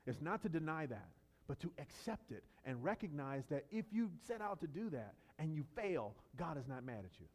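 A male pastor delivering a sermon in a somewhat high voice whose pitch moves a great deal. He shifts from loud, driving emphasis to soft, low statements. He breaks into casual, story-style asides full of fillers and restarts. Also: big pitch swings, normal speed, few pauses, long reverb tail. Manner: dynamic preaching, swinging from loud emphatic peaks to low quiet lines.

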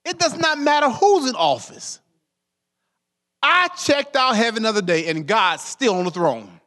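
A pastor preaching a sermon in a lively, conversational way. His fairly high voice leaps up and drops low again as he calls on the saints. He keeps asking the room for an answer. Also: measured pace. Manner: lively preaching, addresses congregation as saints, call-and-response questions.

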